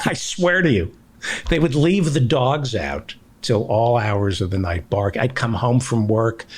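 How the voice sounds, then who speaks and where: Animated male comedy podcast host. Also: medium pitch, slow, slight background noise. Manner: animated storyteller, laughing as he tells it. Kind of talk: casual comedic chat.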